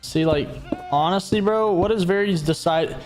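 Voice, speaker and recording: A young male streamer with a slightly high-pitched voice, chatting casually over a game. He talks bluntly with plenty of slang and gets audibly fed up. Soft music plays faintly underneath. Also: normal speed. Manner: blunt, slangy, exasperated, says bro a lot. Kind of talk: casual livestream gaming chat.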